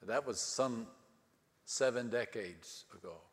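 A male pastor preaching a storytelling sermon with dry humor, dramatic pauses and swings from hushed to loud. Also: mid-range voice, slightly rough. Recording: long hall reverb.

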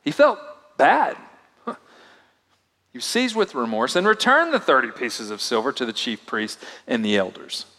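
Male pastor, mid-pitched voice, dynamic sermon delivery, long hall reverb. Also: wildly swooping pitch, moderate pace. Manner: dynamic delivery, swinging from loud emphasis to hushed asides.

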